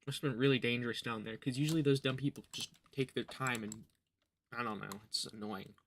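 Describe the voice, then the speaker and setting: During a livestream, a gamer with a steady, mid-range voice comments casually on his play, a little fast and over slight background noise. He jokes sarcastically, mutters to himself, and chews gum as he plays.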